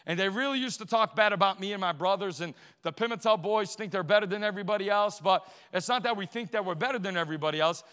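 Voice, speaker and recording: A man's voice: sits high, fast talker, few pauses, bright, forceful tone, clean tone, big-room sound. A man from Portugal telling a personal testimony in a sermon, moving from easy storytelling to emphatic preaching.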